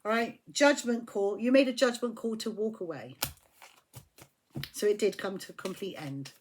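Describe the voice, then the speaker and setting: A woman's voice: mid-range voice, normal speed, slight background noise. A woman giving a casual tarot reading, blunt and emphatic, swearing when riled. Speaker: tarot reader.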